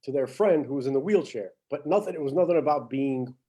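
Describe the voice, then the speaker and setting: A man's voice: medium pitch, fast talker, husky. A man co-hosting a podcast, telling stories in casual chat and laughing often. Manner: animated storyteller, laughs often. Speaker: podcast co-host.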